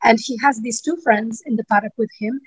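Woman, riding school owner, slightly high, husky, dry close sound, chatty storyteller. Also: fairly quick, no echo, poor audio. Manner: animated storyteller, frequent "you know" fillers. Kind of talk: casual interview talk.

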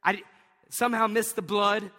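A male pastor with a bright, high voice preaches to a congregation, mixing a lively family anecdote with scripture. He laughs often and acts out sounds as he tells the story. His voice rings out through the long reverb of a large hall. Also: normal speed. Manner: animated storytelling with bursts of acted-out sounds; laughs often while telling stories. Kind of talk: sermon.

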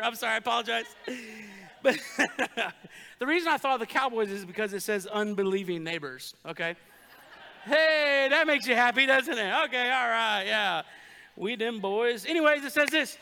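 Male pastor, chatty joking sermon style, high voice, long hall reverb. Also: lively intonation, bright, forceful tone. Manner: joking, conversational preaching with quick asides to the crowd. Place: church sanctuary.

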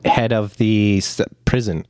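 A man's voice: lowish voice, fairly even intonation, a little mellow, smooth, no echo, clean studio sound. A man co-hosting a podcast, joking and correcting details in casual chat. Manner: jokey, quick to correct others. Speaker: podcast co-host.

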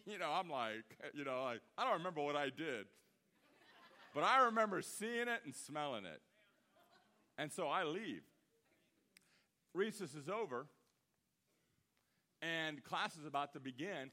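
A man in his fifties preaching a sermon as pastor, telling a story in an animated way that swings from loud, emphatic bursts to hushed asides. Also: on the high side, moderate pace, long pauses. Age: 50s.

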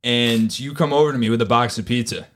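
Male co-host, casual podcast banter, animated storyteller, acts out dialogue, profane. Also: mid-range voice, fast. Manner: animated storyteller, acts out quotes, swears often. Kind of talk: casual chat.

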